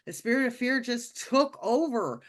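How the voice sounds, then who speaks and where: A woman telling a personal story in a casual, animated way, with lots of fillers and restarts. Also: fairly high pitch, moderate pace. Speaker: speaker sharing a personal testimony.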